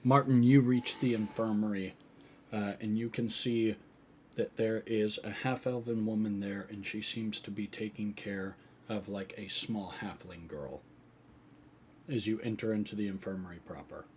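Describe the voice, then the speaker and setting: A man's voice: on the low side, fairly even intonation, normal speed, a little mellow, a little hiss or hum. A man narrating a tabletop game as game master, casual and descriptive.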